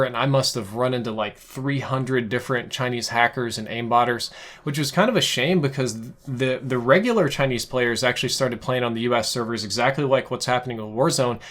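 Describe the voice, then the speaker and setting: A man's voice: medium pitch, fairly bright tone. A man giving opinionated, conversational gaming commentary, ranting casually with frequent restarts. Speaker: gaming YouTuber. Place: home setup, in America.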